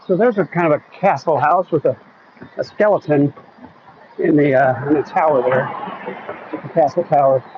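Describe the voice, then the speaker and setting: Heading uphill at night along a residential street, a slightly winded Oklahoma vlogger reads his live chat aloud in a chatty, wry, joking manner. His voice is a little high for a man, he talks at a normal pace with frequent pauses, and the phone audio is somewhat dull with faint outdoor noise.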